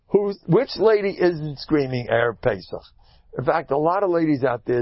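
Older male rabbi, husky voice, animated preaching with sudden loud outbursts, dull dry lo-fi recording. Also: dry recording. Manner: animated, swings to loud high exclamations and hushed asides. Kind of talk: lively Torah talk with jokes.

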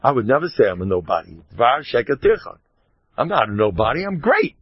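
A man in the role of a rabbi gives a loose, informal Torah talk, mock-boasting with dry sarcasm, wandering through self-interrupting asides, and dropping in Hebrew and Yiddish words. His mid-range voice swings widely in pitch, moves fast, and has a breathy edge. The recording sounds dull and lo-fi, with no room sound.

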